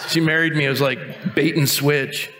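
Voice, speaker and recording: A man preaching a sermon as pastor, mixing jokes at his own expense with earnest teaching, and dropping to a quiet, intense tone for stern points. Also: a little high, fairly even intonation, moderate pace, a loud crowd. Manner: joking, self-mocking asides between earnest teaching. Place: church sanctuary. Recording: long reverb of a church hall.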